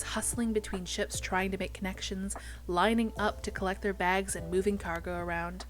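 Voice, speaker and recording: A young woman streaming herself reading a visual novel aloud, animated, swearing casually and stumbling over odd names. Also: mid-range voice.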